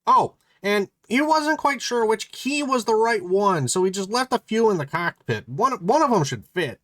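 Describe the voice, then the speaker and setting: A man's voice: high-pitched, very animated, moderate pace, fairly bright tone, no echo, clean studio sound, voice pushed up, full character voice. A man doing a breezy wise-guy pilot. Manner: breezy, unbothered and a little cheeky. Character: wisecracking male sleigh pilot who takes his time.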